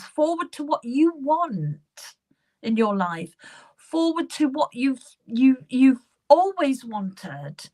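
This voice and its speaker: A woman medium with a British accent, giving live card readings in a reassuring, repetitive way, often repeating the client's name. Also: high-pitched. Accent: British English. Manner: warm, reassuring, repeats names and phrases while drawing cards.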